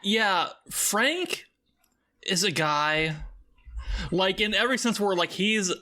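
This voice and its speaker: A woman's voice: medium pitch, measured pace, pushed and bright, soft background music. A woman guest on a podcast in casual chat, enthusiastic and bawdy, joking freely.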